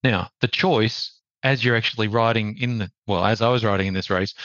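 A man with an Australian accent, a podcast guest telling a story in a measured, reflective way. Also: fairly low pitch, steady tone, a bit bright, no echo, muffled recording. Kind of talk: conversational storytelling.

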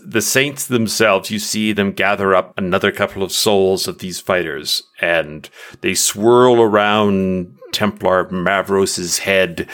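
A man's voice: deep voice, a bit bright. A man narrating a tabletop game as game master, describing scenes with frequent restarts.

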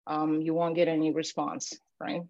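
A woman matchmaker and dating coach giving casual podcast advice, chatty and animated, acting out sample lines and often asking "right?". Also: low voice, moderate pace, no echo, muffled recording.

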